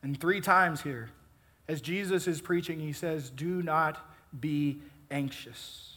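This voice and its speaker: High-voiced man preaching slowly. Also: sharp tone. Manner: measured, emphatic preaching with rising and falling intensity. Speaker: pastor. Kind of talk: sermon.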